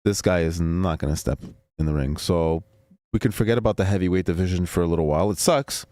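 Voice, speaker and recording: Low-pitched guy rambling about fights, repeats himself a lot, dry close sound. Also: fast, dark tone, no echo. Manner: rambling, repeats words, opinionated. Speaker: podcast host. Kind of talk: casual sports chat.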